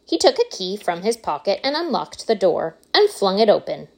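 A woman reading a children's book aloud as narrator, in an unhurried, expressive storytelling way. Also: mid-range voice, creaky.

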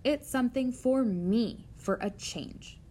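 A woman voicing a wise, gentle female barn spider, speaking calmly and softly. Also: medium pitch, moderate pace. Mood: tender.

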